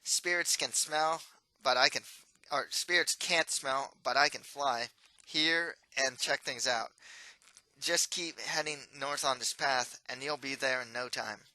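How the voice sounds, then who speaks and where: A man's voice: medium pitch, unhurried, sharp tone, no room sound, low-quality recording. A man voicing a sarcastic, teasing young male ghost who talks through his nose, read from a storybook. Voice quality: nasal.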